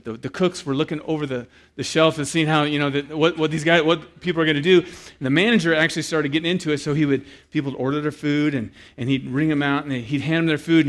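A man delivering a sermon, his voice sitting a little high for a man. He tells a story with animated, acted-out voices for the people in it, then drops into a quiet, earnest appeal to his listeners. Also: fast talker. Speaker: pastor.

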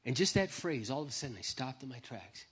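A man's voice: medium pitch, sing-song, brisk, a bit bright, breathy edge. A man giving a humorous, self-deprecating personal testimony to an audience, speaking into a microphone. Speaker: Christian speaker.

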